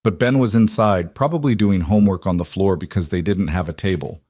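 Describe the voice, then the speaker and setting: A man reading a dramatic story as a narrator, in a steady, even storytelling manner. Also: deep voice, fairly quick, dry recording, studio quality.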